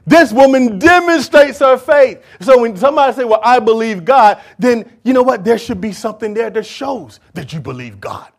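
A man preaching a sermon in church, emphatic and full of rhetorical questions, swinging from shouts to hushed asides. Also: very high voice, expressive, moderate pace, gravelly, hardly any pauses.

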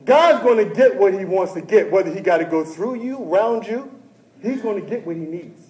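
A male pastor preaching a sermon who talks straight to the congregation and swings from hushed talk to shouting. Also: high voice, lively intonation, moderate pace, echoey room, low-quality recording. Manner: addresses the congregation directly and often.

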